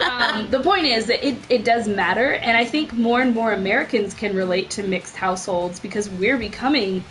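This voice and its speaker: A woman's voice: fairly high pitch, moderate pace, fairly bright tone, poor audio. A woman co-hosting a podcast, telling a family story in a wry, teasing, chatty way. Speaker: podcast co-host. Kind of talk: casual chat.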